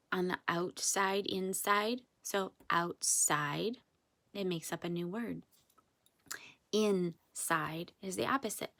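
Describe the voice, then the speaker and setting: Slow, sing-song woman phonics teacher. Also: mid-range voice, pushed and bright. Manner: slow, sing-song and encouraging, drawing out words. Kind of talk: phonics lesson for young children. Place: classroom or home with whiteboard.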